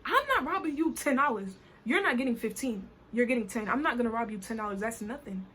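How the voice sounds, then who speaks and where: A woman from New Jersey telling a story time vlog in an animated, colloquial way, full of "I was like". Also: a little high, fast, slight background noise. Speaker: vlogger.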